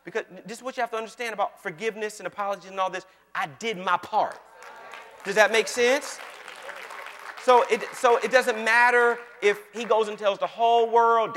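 High-voiced, animated male pastor preaching. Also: fairly quick, long reverb tail, a faint crowd, slight background noise. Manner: animated, keeps checking in with the congregation. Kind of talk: conversational sermon.

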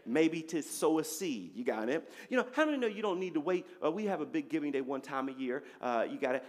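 A man's voice: a little high, big-room sound. A male pastor, preaching a sermon with call-and-response, repeating phrases and often asking "you got it?". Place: church sanctuary.

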